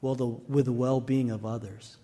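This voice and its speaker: A man's voice: mid-range voice, little pitch movement, moderate pace, dark tone, big-room sound. A male pastor preaching a sermon, telling stories and asking the congregation rhetorical questions.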